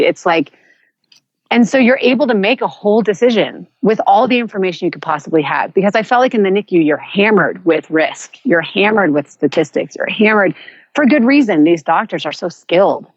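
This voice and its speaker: A woman guest telling a personal story in an earnest, reflective way, often pausing and restarting. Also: mid-range voice, expressive, no room sound, lo-fi sound. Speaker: podcast guest.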